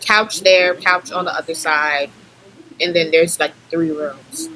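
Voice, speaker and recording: Young woman co-host, bright voice, animated storyteller in casual chat. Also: fairly low pitch, measured pace, rough recording. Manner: animated storytelling, acts out quoted people.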